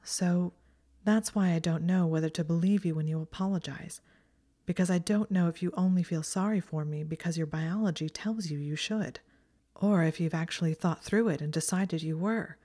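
A woman's voice: moderate pace, mellow, close to an everyday voice. A woman voicing an emotional young witch who sobs and strains her voice through tears. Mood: earnest. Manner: sobbing, high and strained while crying. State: crying.

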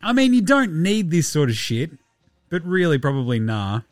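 A man with an Australian accent hosting a casual solo sports podcast, loose, sweary and quick to laugh. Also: fairly high pitch, big pitch swings, no echo. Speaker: podcast host.

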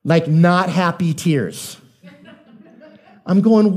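A man's voice: on the high side, animated, fairly quick, warm tone, soft background music. A man preaching a conversational sermon who tells folksy stories and keeps checking in with his audience. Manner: folksy storytelling, asks the audience questions. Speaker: pastor.

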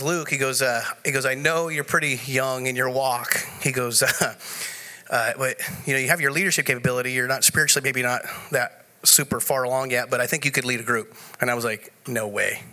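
A man speaking at a conference, telling a personal story in an animated way, often laughing as he goes. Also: medium pitch. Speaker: conference speaker sharing testimony. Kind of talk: live conference talk. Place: conference room before an audience.

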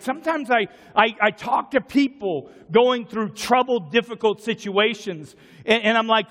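A man with a very high voice preaches a fervent sermon. His words ring out through a church sanctuary with a long echo, and he often climbs to a shout. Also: moderate pace. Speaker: pastor.

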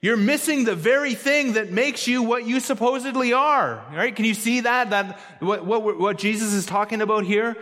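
A man preaching a sermon as pastor, emphatic, repeating key phrases and slowing down to stress them. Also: high voice, a bit bright, long reverb tail.

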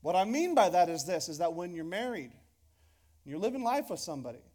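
A pastor with a high-pitched man's voice delivers a sermon in front of his congregation. He talks in a loose, conversational way, jokes with the crowd and often restarts his sentences. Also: very animated, brisk, a little mellow. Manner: conversational and joking, with repeated restarts. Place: church hall before a congregation.

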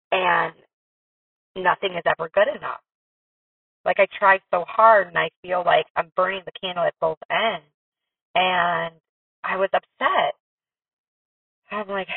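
Gravelly-voiced woman on a tinny line. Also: fairly low pitch, no echo, far from the mic. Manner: candid, rambling, self-deprecating. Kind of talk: casual personal storytelling. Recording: dry tinny phone-like sound from off-mic.

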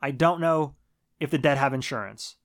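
A man talking through a film recap in a relaxed podcast chat. He swears casually and often lets his sentences drop off softly. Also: medium pitch, moderate pace. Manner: laid-back, swears casually, trails off quietly. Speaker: podcast co-host.

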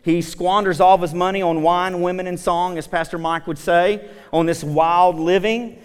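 Preacher in an echoing hall, slightly high voice. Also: male voice, normal speed, few pauses, clear, resonant tone. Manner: animated, casual storytelling with asides. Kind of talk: conversational sermon.

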